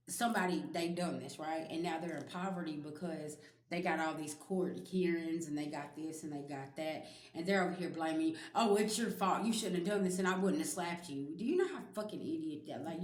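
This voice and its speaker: A woman with a fairly low voice gives a spiritual reading straight to her viewers. She is blunt and emphatic and swears freely. The echoey room gives her voice a hollow ring. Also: darkish tone. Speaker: spiritual reader.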